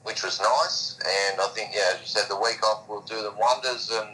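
Man, bright voice, low pitch, easygoing sports chat, tinny phone line. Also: fairly even intonation, normal speed. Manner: easygoing, says "mate" often. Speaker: podcast co-host.

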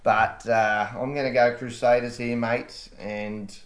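A laid-back Australian man chats about sport in short, easy replies, his voice at a middling pitch. The room around him rings with a noticeable echo. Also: level tone, a little slow. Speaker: podcast co-host. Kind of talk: casual sports chat.

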